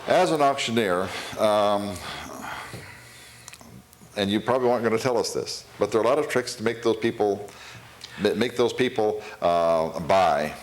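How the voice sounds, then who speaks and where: Interviewer guy, lowish voice, keeps restarting his questions. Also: normal speed, a little hiss or hum. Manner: curious questioning with stammered restarts.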